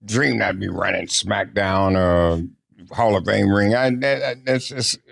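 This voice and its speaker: An older man sits for an interview and spins his stories in a low voice. He talks in a casual, lively way and acts out what others said to him. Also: slow, gravelly. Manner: lively anecdotal storyteller who acts out quotes. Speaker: interview guest.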